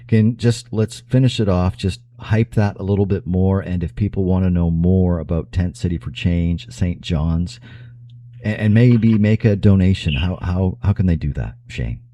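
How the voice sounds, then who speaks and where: A man hosting a radio talk show, asking measured, deliberate questions of his guest. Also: low-pitched, warm tone, dry recording. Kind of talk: radio interview.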